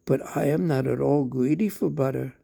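A man's voice: medium pitch, moderate pace, gravelly, warm tone. A man voicing the mischievous little boy Krishna in a storytelling reading, pleading and clever. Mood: tattling.

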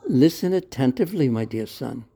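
A tender storybook mother, soothing and patient, explaining slowly to her small son, voiced by a man. the voice is dark and mellow with a gravelly, husky grain. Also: medium pitch, expressive. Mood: gentle. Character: gentle loving mother of the child.

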